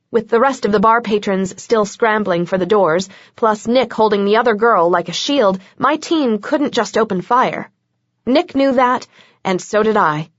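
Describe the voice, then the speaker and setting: A woman reading an action novel aloud in first person, with brisk, tense storytelling. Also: medium pitch, no room sound. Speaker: audiobook narrator. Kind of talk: first-person audiobook narration. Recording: dull lo-fi audio.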